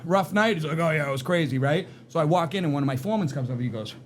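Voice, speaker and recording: Man, high voice, animated casual storyteller, keeps asking "right?", faint background hiss. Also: very fast. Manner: animated, tags lines with "right?" and "you know what I mean?". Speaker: podcast guest.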